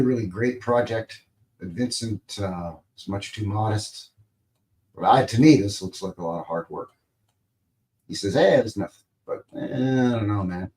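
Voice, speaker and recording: A man's voice: on the low side, mellow. A man hosting a live stream, chatting casually in a rambling, playful way and tossing in goofy sound effects. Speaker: livestream host.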